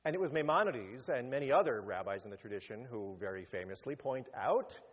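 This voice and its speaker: Animated man preaching in an echoing hall. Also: fast talker. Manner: animated, rising to emphatic peaks then dropping low. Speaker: rabbi. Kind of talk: sermon. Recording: muffled sound with long hall reverb.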